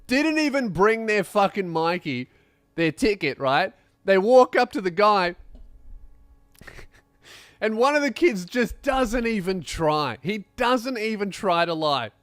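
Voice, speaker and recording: A young podcast host tells a comic story, animated and swearing as he acts out other people's voices. His voice is high-pitched and slow, with a clean tone and no room sound.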